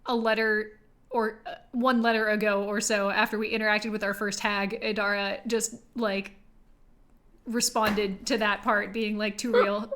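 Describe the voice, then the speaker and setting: Rambling, bright-voiced woman player. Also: mid-range voice, little pitch movement, unhurried, a little hiss or hum. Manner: rambling, filler-heavy, laughing often. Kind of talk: casual tabletop game chat.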